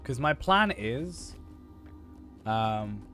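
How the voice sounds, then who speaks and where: A young man streaming a game, chatting casually in a rambling way full of fillers and restarts, a bit hoarse. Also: medium pitch, sing-song, drawn-out words, bright, forceful tone, soft background music. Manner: rambling, filler-heavy, self-correcting. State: hoarse after losing his voice. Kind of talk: casual chat while gaming.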